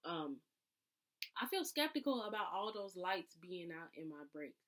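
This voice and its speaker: Speaking at a normal pace in a sing-song way, a woman shares a confessional vlog with her audience. She's reflective and chatty, heavy on "like" and "um," and her venting breaks out in louder, higher-pitched acted bursts.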